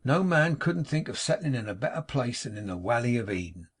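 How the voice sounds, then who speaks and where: A man's voice: medium pitch, big pitch swings, a little fast, breathy edge. A man voicing a cheerful, ever jolly working-class manservant with a chirpy way of talking. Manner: chirpy, brightly drawn out dialect.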